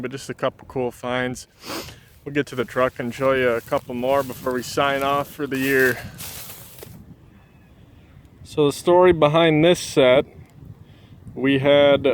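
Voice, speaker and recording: Man vlogging outdoors in a self-described monotone. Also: mid-range voice, a little hiss or hum. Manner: calls his own voice monotone. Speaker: shed hunting vlogger. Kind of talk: casual outdoor vlog narration. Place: outdoors in rural country, walking back to a truck.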